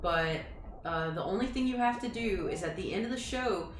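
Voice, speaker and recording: In an echoey room with faint music playing, a female streamer host rambles through a lengthy story with lots of fillers and asides. She speaks at normal speed in an expressive, medium-pitched voice, with slight background noise.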